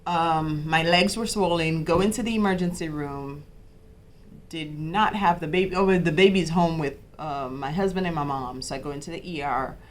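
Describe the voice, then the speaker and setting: A woman's voice: deep voice, normal speed, slight background noise. A young adult woman, a podcast host, casually telling her own birth story with many fillers and restarts, acting out the conversations she had.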